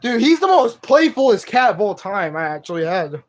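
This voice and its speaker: A man's voice: high-pitched, very animated, normal speed. A young man live streaming from home on his phone, chatting to his cat in slangy, profane speech. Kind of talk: casual live stream chat.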